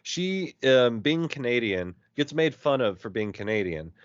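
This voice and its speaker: Joking podcast co-host man, lively pitch. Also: a little slow, no room sound. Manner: joking, banter, quips. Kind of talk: casual chat. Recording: dull dry podcast audio.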